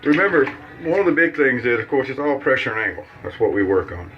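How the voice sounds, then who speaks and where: A man's voice: mid-range voice, sing-song, fast, muffled recording, faint music behind. A man from Mississippi with a Southern accent, chatting in a folksy, rambling, joking way while demonstrating a shave. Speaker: shaving vlogger. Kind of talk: casual shaving demonstration.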